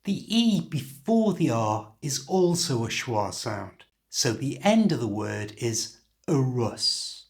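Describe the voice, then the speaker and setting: Slow, lively British English teacher. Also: male voice, mid-range voice. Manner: slow, clear, demonstrative delivery. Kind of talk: scripted pronunciation lesson.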